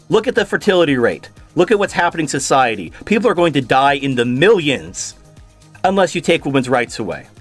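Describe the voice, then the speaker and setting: A man rants in a furious, profane torrent, his higher-than-usual voice leaping wildly up and down. Faint music hums under him. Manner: furious, profane, shouting bursts. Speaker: video host reacting to a clip. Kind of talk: angry ranting commentary.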